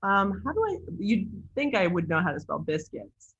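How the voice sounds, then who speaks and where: A woman's voice: mid-range voice, very animated, normal speed, a bit bright, husky. Chatty American woman teaching, dull sound. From United States. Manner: chatty, candid, lots of likes and ums. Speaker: instructor. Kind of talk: casual online class demo. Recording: dull lo-fi recording.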